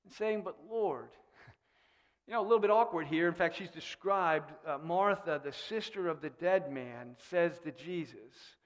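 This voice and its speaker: Brief: high-pitched male pastor, animated and questioning, with long church reverb. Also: measured pace. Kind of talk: sermon. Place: church sanctuary.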